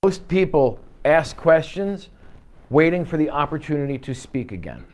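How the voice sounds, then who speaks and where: A man leading a live sales training session in an office, coaching with energy and acting out quick client exchanges. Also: medium pitch, darkish tone. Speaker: real estate sales trainer. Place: office meeting room.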